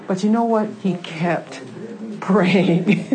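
Lady bible teacher, lowish voice, super fervent, reads scripture and keeps shouting praise. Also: extremely slow, rough recording.

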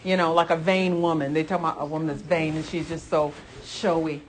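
A woman's voice: sits low, flat delivery, brisk. Earnest woman leading a Bible study. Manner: earnest, repeats phrases, laughs often. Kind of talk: casual group Bible study discussion.

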